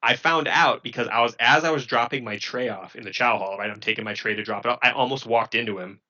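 A man casually recounting a story in halting bursts, full of fillers and restarts. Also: mid-range voice, bright, forceful tone, dull audio. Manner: halting, filler-heavy, self-correcting. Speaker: former Marine recruit.

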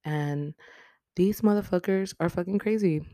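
Woman host with a low voice, loose and profane in a casual film recap, recorded dry and close. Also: moderate pace, warm tone, no echo. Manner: profane, rambling, laughing. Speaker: podcast host.

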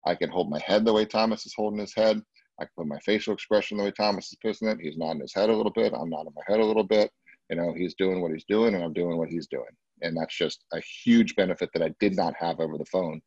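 A man with a low, husky voice runs a live sales training session, emphatic and conversational. He keeps checking in with his listeners as he explains each point. The sound is dry and a little muffled. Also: fast talker, a little mellow, no echo. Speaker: real estate sales trainer.

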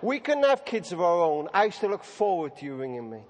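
A man voicing a gentle very old operator lady. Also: fairly low pitch, big pitch swings, brisk, a little hiss or hum, voice pushed down. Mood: tender. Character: very old kindly telephone operator woman. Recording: echoey hall reverb.

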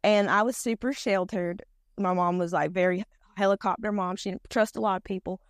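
Wanita bersuara logat Selatan Carolina Utara yang santai. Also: female voice, mid-range voice, steady tone, fairly quick, no room sound, studio quality. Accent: Southern US, eastern North Carolina. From North Carolina. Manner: chatty, down-to-earth, many fillers. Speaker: podcast guest, pageant titleholder. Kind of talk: casual conversation.

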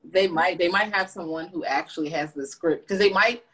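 Husky, lower-voiced woman chatting animatedly. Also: normal speed. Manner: animated, colloquial storytelling with playful asides. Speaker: podcast co-host. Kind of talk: casual film discussion chat.

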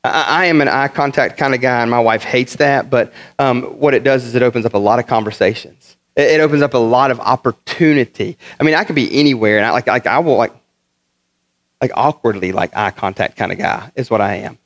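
A pastor from the northern United States preaching a sermon, telling funny stories in an animated way and often repeating his words. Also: mid-range voice, a little fast. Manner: animated, humorous storytelling with many repeated words.

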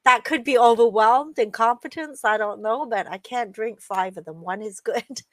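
Relaxed, chatty woman co-host. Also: fairly high pitch, moderate pace, no room sound. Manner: relaxed and chatty, with small laughs. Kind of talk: casual chat.

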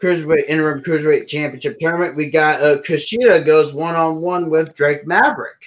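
A man's voice: a little high, fairly quick, low-quality recording. A man co-hosting a casual podcast, running through match results in a loose, filler-heavy way. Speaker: podcast co-host.

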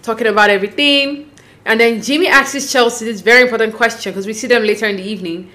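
A woman casually recapping a reality dating show, acting out the cast's lines with lively, opinionated commentary. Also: on the high side, fast talker. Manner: animated, acts out quotes, opinionated. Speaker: recap host.

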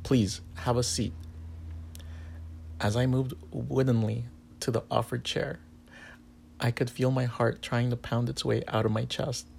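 Guy calmly reading an erotic story out loud, low flat creaky voice. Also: moderate pace, slight background noise. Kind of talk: first-person story narration.

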